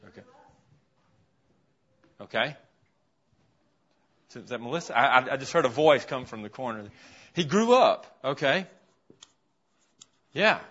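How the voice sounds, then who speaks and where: A man's voice: medium pitch, expressive, a little slow, pauses often, a bit bright, slightly rough. A man teaching an interactive Bible lesson in a classroom, asking his class questions as he writes a list on the board. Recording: dull, lo-fi classroom recording.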